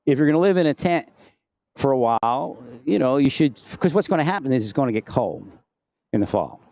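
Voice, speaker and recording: A man's voice: mid-range voice, animated, fairly quick, gravelly, darkish tone, no echo, muffled recording. A man rambling through a personal monologue into his own mic at home, distracted and restarting often. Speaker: vlogger. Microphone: home recording setup with phantom-powered mic.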